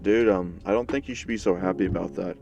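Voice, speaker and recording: A man's voice: low-pitched, fast talker, vocal fry, a little mellow, far from the mic, soft background music. A man doing a laid-back young guy friend. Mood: casual.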